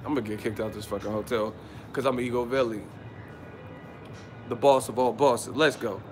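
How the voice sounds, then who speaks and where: A man in a hotel room doing a casual, hyped-up boxing vlog rant, brash and teasing, swearing freely and swinging between loud hype and low muttering. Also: fairly even intonation, normal speed, soft background music. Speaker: boxing commentary vlogger.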